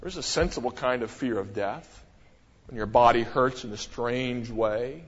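A middle-aged man preaching a sermon as a pastor, talking in an animated way with many rhetorical questions and sudden emphasis. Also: mid-range voice, measured pace. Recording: dull, echoey church hall.

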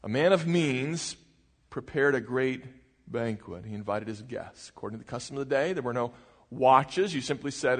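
A man's voice: mid-range voice, expressive, normal speed. A male pastor giving a sermon in a conversational way, asking the congregation questions as he goes. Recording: long reverb of a large hall.

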